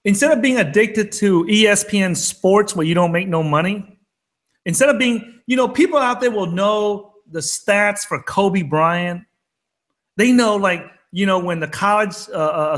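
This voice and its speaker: A fired-up, emphatic rant comes from a co-host of a crypto trading show during casual chat. His voice is high, a little slow, and a bit bright.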